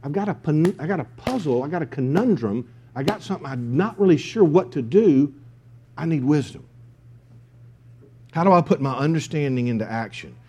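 Emphatic pastor preaching. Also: male voice, on the high side, animated, moderate pace, dark tone, slightly rough. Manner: emphatic, repeats key phrases. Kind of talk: sermon.

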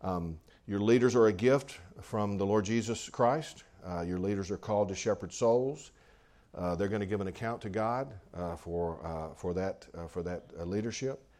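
Man, pastor giving a sermon, lowish voice, loose conversational phrasing with repeats. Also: normal speed, darkish tone.

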